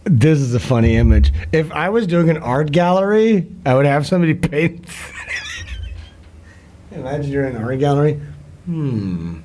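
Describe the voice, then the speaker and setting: A man's voice: fairly high pitch, big pitch swings, takes it slowly, pauses often, a little mellow, slight background noise. Rambling, mocking male streamer. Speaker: livestream host. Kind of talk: casual livestream chat.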